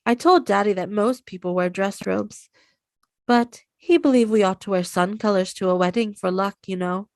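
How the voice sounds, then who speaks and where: Woman doing a soft airy witch girl. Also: medium pitch, normal speed, no echo, lightly acted. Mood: dreamy. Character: dreamy odd young witch girl.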